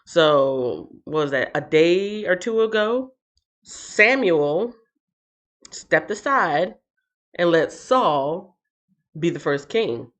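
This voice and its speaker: A woman's voice: on the low side, expressive, slow pace. A woman from the northern United States hosting a live stream, chatting casually with viewers and reading the Bible aloud, laughing often. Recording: slightly dull lo-fi stream audio.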